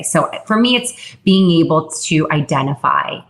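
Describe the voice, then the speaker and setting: A woman's voice: sits low, animated, normal speed, creaky, few pauses, a bit bright. A woman in her thirties, a guest talking openly and reflectively in an interview, often quoting herself. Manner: open, reflective, quotes herself in raised voice. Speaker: guest, fitness founder. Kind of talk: candid interview conversation.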